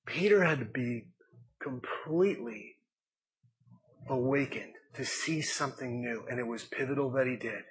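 A middle-aged man, a pastor, giving a conversational, self-deprecating sermon with animated asides. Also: medium pitch, moderate pace, breathy edge. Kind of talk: casual sermon talk.

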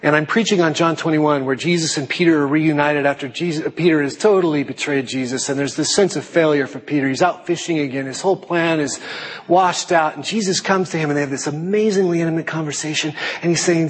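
A middle-aged man preaching a sermon in a lively, joking way, slipping into put-on voices for effect. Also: a little fast, breathy edge, long reverb tail. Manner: animated, jokey, puts on high panicky voices. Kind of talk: sermon with acted asides.

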